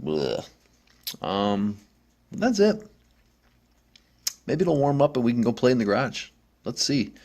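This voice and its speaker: A man hosting a casual vlog, talking in a rambling, upbeat way with lots of fillers and restarts, and telling a funny story. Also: mid-range voice. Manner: acts out screeching monkey sounds when telling a story. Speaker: vlog host.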